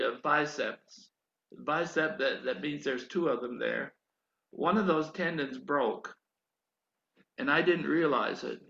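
An older man preaching a sermon, telling a story in an animated way that rises to emphatic pleading. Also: fairly high pitch, vocal fry, roomy sound, muffled recording.

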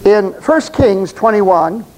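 A man with a very high voice delivers a sermon. He speaks straight at his listeners, emphatic and repetitive, and trips over words when he reads scripture aloud. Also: animated, slow, darkish tone, slight background noise, low-quality recording. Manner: emphatic, addresses congregation directly, stumbles reading aloud. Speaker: preacher.

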